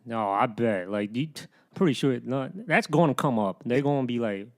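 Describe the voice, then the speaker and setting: A man in casual podcast banter with a middle-pitched voice. He rambles, trails off, and leans on fillers in a relaxed way. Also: moderate pace. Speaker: podcast guest and comedian. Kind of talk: casual chat.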